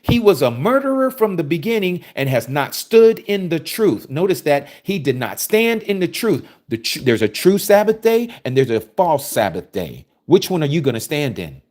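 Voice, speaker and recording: Man preaching with a lively, animated voice. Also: fairly high pitch, moderate pace, hardly any pauses. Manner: forceful, preachy, rhetorical questions. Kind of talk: sermon reading and explaining scripture.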